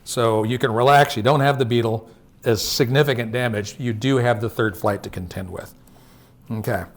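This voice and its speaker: A man's voice: mid-range voice, fairly even intonation, normal speed. Man giving a chatty slide presentation. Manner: conversational, checks in with frequent "okay?"; tells field anecdotes. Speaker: industry presenter. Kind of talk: live slide presentation to growers.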